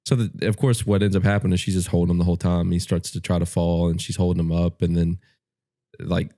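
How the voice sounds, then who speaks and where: Low dark-voiced man telling stories. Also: little pitch movement, fast talker, no room sound, clean studio sound. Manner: storytelling, laughs while talking. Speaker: podcast co-host. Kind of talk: casual chat.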